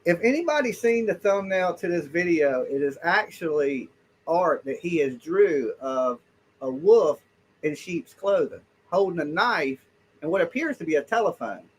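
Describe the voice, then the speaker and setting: Male call-in host, high voice, blunt slangy storyteller who swears freely. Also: expressive, normal speed, husky. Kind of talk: casual live call-in chat.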